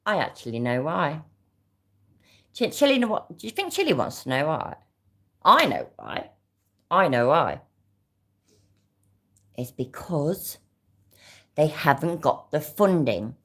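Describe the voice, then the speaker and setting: A woman's voice: deep voice, very animated, slow pace, pauses often, fairly bright tone. A woman with a British accent giving sarcastic, sweary casual reaction commentary. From Britain. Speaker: reaction vlogger.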